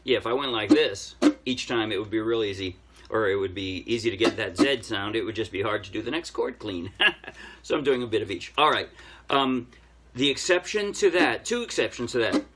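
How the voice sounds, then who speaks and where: A man's voice: lowish voice, expressive, fairly quick, a bit bright. A man giving a casual ukulele lesson, explaining step by step while he plays. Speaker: ukulele teacher. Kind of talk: casual music tutorial explanation. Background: ukulele playing.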